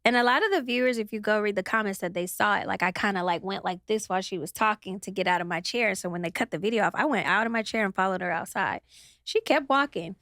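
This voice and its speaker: A woman's voice: medium pitch, fast, fairly bright tone, dry recording, clean studio sound. A young adult woman, a guest in a casual interview, telling a story with animation, mimicking other people and swearing freely.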